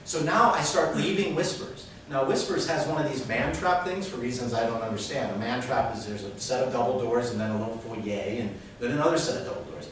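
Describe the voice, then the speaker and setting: A man telling a comic story live, animated and acting out the other people's lines. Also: a little fast, hardly any pauses. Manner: animated, acts out voices in quotes. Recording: very echoey room, mic at a distance, rumbling noise.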